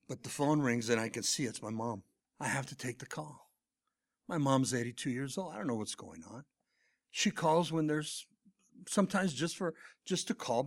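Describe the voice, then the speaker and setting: A middle-aged pastor preaching a sermon, swinging between loud emphatic lines and hushed near-whispers. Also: male voice, fairly high pitch.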